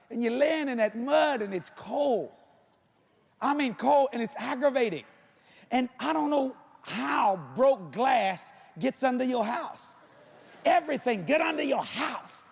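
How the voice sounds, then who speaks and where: A man preacher telling a comic story in an animated way, often shouting punchlines. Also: very high voice, vocal fry, breathy edge.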